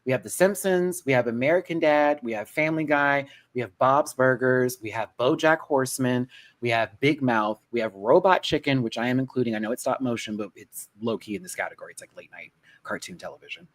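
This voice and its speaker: Sassy animated male panel host. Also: mid-range voice. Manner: sassy, animated, quick asides. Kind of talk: casual panel chat.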